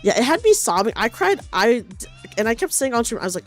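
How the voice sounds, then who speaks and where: A young woman hosting a casual stream chat, animated, swearing freely and trailing off into soft mumbles. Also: a little high, a little fast, faint music behind. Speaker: streamer host.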